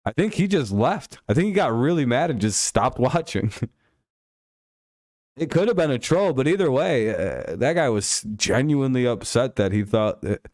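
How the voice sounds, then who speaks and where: A man's voice: medium pitch, animated, moderate pace, a little mellow, no echo, studio quality. A man hosting a live stream, casually chatting with viewers while commenting on a football game, rambling, laughing often and swearing freely.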